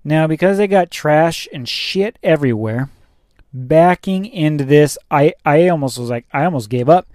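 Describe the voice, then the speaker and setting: A man's voice: fairly high pitch, expressive, normal speed, a little mellow, no echo, clean studio sound. Chatty, rambling trucker man. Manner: rambling, chatty, with fillers and occasional swearing. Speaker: truck driver. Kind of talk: casual vlog storytelling.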